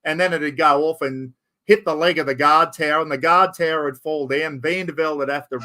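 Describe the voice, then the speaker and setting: A middle-aged man with an Australian accent chats on a live stream, telling loose stories. He drops "mate" and mild swearing throughout. His voice sits a little high for a man. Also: steady tone, fairly quick, pushed and bright. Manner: rambling, storytelling, sprinkles "mate" and mild swearing. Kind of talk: casual chat.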